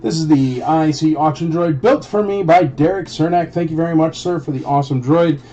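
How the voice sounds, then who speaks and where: Hosting a toy auction on a livestream, a man with a fairly high voice talks a little fast, greeting bidders by name and joking around casually. Loud music plays over the dull, lo-fi stream audio.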